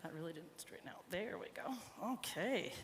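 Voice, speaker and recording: A woman with a fairly low, expressive voice speaks at a moderate pace while riding in a live clinic demonstration at a horse expo's indoor arena. Slightly out of breath, she chats with her colt and the audience over a wireless body mic, with a long reverb tail and a little hiss or hum.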